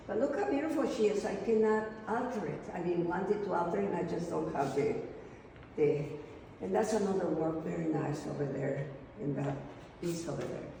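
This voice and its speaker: Woman, Mexican Spanish accent, gravelly and mellow, excitable studio-tour artist in an echoey room, heard from off-mic. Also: lowish voice, distant mic, a little hiss or hum. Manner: excitable, rambling, switches into Spanish. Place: indoor home studio.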